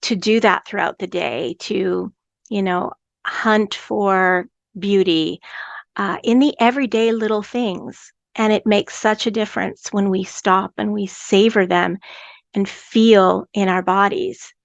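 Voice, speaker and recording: A woman hosts a podcast in an earnest, conversational way, often stumbling and restarting her sentences. Her voice sits at a medium pitch and is recorded dry and close, with no room sound. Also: steady tone, slow pace, creaky, dry recording, dull audio. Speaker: podcast host.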